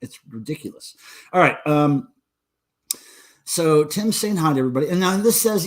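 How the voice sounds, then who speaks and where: A man's voice: fairly high pitch, lively intonation, brisk. A man in his forties hosting a casual livestream, drinking beer and joking crudely with viewers in the chat. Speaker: livestream host.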